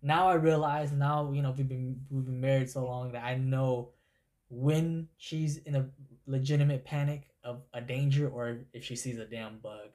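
Man, mid pitch, animated profane storyteller in casual chat. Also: moderate pace. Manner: animated, profane, acts out voices in anecdotes.

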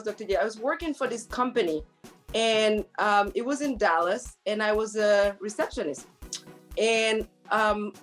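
A woman co-hosting a talk show, telling stories in a chatty way and laughing often. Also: medium pitch. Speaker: co-host. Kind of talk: casual chat.

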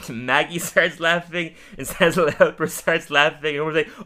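Bright-voiced man recapping an episode. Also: a little high. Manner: animated, laughs often, acts out lines in quick voices. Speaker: podcast co-host.

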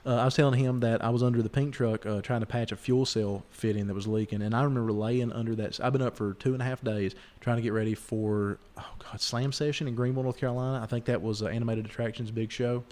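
A man's voice: medium pitch, fairly even intonation, quick pace, hardly any pauses, a little mellow. A man hosting a podcast, rambling through stories and mimicking the people in them. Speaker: podcast host. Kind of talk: casual storytelling chat.

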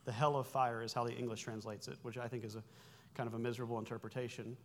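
A man's voice: medium pitch, level tone, quick pace. Man in his forties preaching a sermon. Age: 40s. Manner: explanatory and conversational, with self-corrections and wry asides. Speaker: pastor.

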